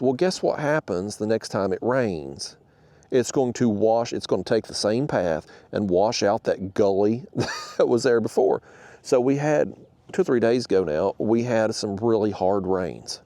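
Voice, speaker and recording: A man who hosts a fishing channel, telling a story to the camera in an animated, exasperated rant. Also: lowish voice, dry recording.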